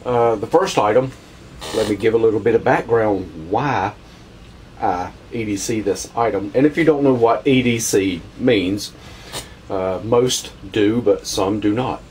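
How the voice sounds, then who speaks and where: A lowish-voiced man talks through his everyday survival gear in a relaxed vlog, pausing often and chewing between phrases. He sounds set back from the microphone, with a faint hiss of background noise. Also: recorded from a distance, low-quality recording. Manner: unhurried, practical, with frequent uh fillers and pauses. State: talking while chewing food. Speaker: survival channel host. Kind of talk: casual explanatory vlog talk.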